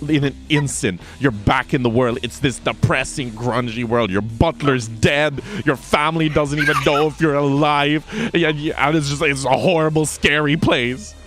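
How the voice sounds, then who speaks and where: A man's voice: a little high, moderate pace, hardly any pauses, music in the background. A man running a tabletop game as game master, describing scenes vividly and at length with plenty of fillers.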